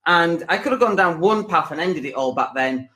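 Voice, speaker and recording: A man's voice: a little high, lively intonation, moderate pace, bright, forceful tone. Rambling, chatty man in his forties. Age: 40s. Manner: rambling, conversational, with frequent asides and filler words. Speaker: podcast host. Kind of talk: motivational monologue.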